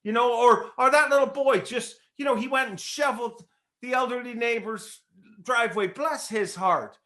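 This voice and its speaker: A Canadian man co-hosting a laid-back podcast, rambling and stumbling over repeated words. His voice sits high and sounds bright and forward. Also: normal speed. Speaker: podcast co-host. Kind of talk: casual podcast chat.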